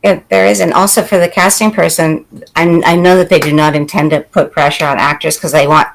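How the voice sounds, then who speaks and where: An older woman, an actress guest, talking in a relaxed, reflective way in an interview. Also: deep voice, fairly quick, creaky, a little hiss or hum, low-quality recording. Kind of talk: casual interview chat.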